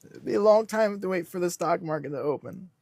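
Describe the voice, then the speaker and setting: Deadpan young male streamer, high voice, dry close sound. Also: brisk, vocal fry, no room sound. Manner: deadpan self-styled businessman persona. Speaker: livestream host. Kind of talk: casual livestream chat reading comments.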